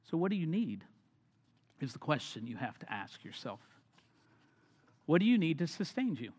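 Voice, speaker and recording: High-voiced preacher with big dynamic swings. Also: male voice, big pitch swings, normal speed, breathy edge. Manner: dynamic, swings from loud emphasis to hushed near-whispers. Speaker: pastor. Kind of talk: sermon. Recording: long hall reverb.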